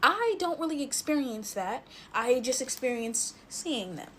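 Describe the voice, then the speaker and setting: A woman's voice: sits high, lively intonation, a little slow, sharp tone, a little hiss or hum. A woman chatting straight to her viewers, telling a scary story while she makes slime. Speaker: storytime vlogger.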